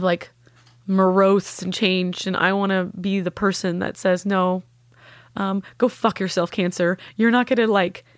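A woman's voice: medium pitch, no room sound. Earnest woman telling a heartfelt story. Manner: earnest, heartfelt, acts out quoted voices. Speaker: guest sharing a personal story. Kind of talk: emotional personal storytelling.

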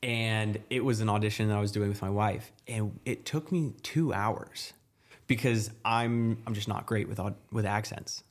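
Flat-voiced young man, easygoing guest. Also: lowish voice, normal speed. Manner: easygoing, hesitant, many uh fillers. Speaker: actor, guest. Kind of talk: casual interview chat.

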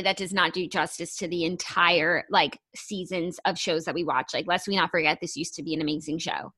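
A woman's voice: on the low side, moderate pace, few pauses, pushed and bright. A woman co-hosting a casual pop-culture podcast, reading news items aloud and chatting about them. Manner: reads news stories aloud, then chats about them. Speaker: podcast co-host.

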